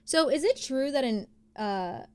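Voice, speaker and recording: A woman's voice: sits high, animated, unhurried, darkish tone, smooth, no echo. A young woman from New Jersey, streaming and chatting casually with her viewers, rambling with lots of fillers. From New Jersey, USA. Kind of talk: casual chat reading viewer messages.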